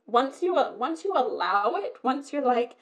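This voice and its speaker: A woman talking openly in a casual conversation, expressive and candid, often slipping into quoted voices. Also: high-pitched, moderate pace, poor audio. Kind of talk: casual chat.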